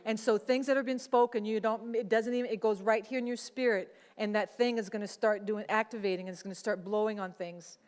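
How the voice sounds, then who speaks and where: A woman's voice: medium pitch, fairly even intonation, fairly quick, hardly any pauses, darkish tone, big-room sound. A woman pastor preaching a sermon in a conversational way, slipping into quoted voices.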